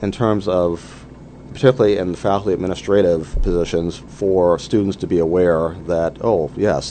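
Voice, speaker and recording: A man talking in an interview in a measured way, filling his speech with "you know.". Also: sits low, dark tone, a little hiss or hum. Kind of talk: conversational interview.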